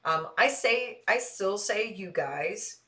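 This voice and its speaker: A woman's voice: mid-range voice, expressive, slow pace, pushed and bright. A woman from the Midwest with a Midwestern accent and a light Texas Southern twang, chatting casually and animatedly with her live-stream audience and laughing easily. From American Midwest. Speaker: streamer answering chat.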